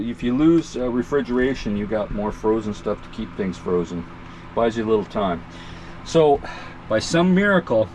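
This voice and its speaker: A man's voice: medium pitch, creaky, darkish tone, a little hiss or hum. A man in a chatty, self-mocking vlog, walking viewers through his motorhome and laughing often. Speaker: RV vlogger. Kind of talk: casual vlog walkthrough. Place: inside a motorhome.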